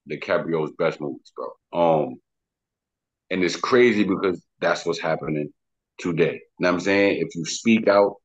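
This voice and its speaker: A Bronx rapper with a New York accent talks through an interview in a loose, slangy, emphatic ramble. His voice sits low and husky. The sound is dull and lo-fi. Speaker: rapper guest. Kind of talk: casual interview talk.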